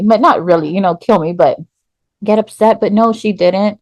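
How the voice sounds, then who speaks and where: A woman's voice: mid-range voice, steady tone, fairly quick, a little mellow, no echo. Chatty woman guest, dry sound. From Texas. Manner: chatty, many "like" fillers. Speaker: podcast guest. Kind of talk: candid personal storytelling.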